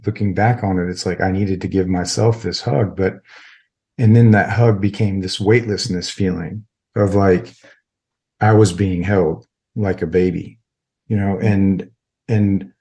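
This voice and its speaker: A man's voice: sits low, steady tone, unhurried, dark tone. A middle-aged man, a military veteran, telling a personal story as a podcast guest in a rambling, casual way full of filler words.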